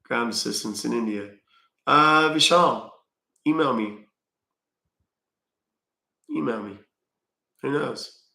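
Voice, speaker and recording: A middle-aged man with a gravelly, fry-edged voice talks casually on a livestream. He reads questions from chat and answers them bluntly, dropping dry jokes along the way. The sound is roomy, with a noticeable echo off the walls. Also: mid-range voice, takes it slowly, pauses often. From Texas.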